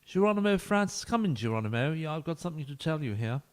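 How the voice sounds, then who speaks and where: A man's voice: a little high, big pitch swings, quick pace. A man, streaming a football management game and talking playfully to each player, often dropping to a whisper. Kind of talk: live-streamed game commentary.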